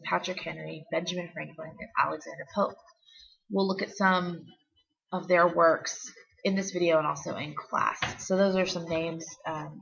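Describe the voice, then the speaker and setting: A woman teacher giving a recorded lecture, explaining slowly and repeating key terms with an occasional "okay?" to check on her students. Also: low voice, gravelly, fairly bright tone, slightly rough. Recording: dull lo-fi recording.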